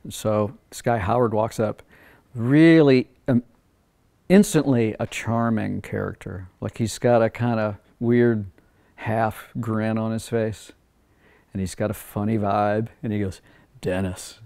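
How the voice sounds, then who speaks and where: A man's voice: fairly low pitch, steady tone, measured pace, a little mellow. An older man, a record producer, telling a casual story and acting out both sides of the conversation.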